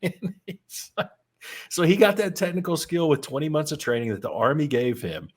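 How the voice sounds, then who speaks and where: A man's voice: on the high side, big pitch swings, fast. A man co-hosting a podcast, chatting casually with amusement. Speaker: podcast co-host. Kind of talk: casual chat.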